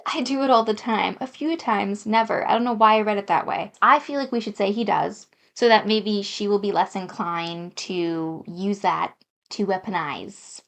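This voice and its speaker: A woman reading a dating game aloud and commenting in a chatty, self-deprecating, giggly way. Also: medium pitch. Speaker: gaming YouTuber.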